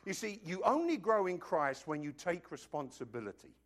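A man preaching in a lively, bouncy way, his voice rising and falling a lot. He sits a bit high for a man and talks to the congregation casually, mixing teaching with jokes and acted-out bits. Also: moderate pace. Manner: animated, conversational preaching with joking asides. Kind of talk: sermon.

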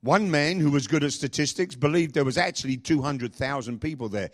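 A man pastor preaching a sermon, asking the congregation repeated questions and speaking with lively emphasis. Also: fairly high pitch, brisk, hardly any pauses.

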